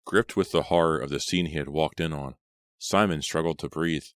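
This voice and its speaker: A man narrating a horror audiobook in a steady, measured reading style. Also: very deep voice, dry recording, studio quality.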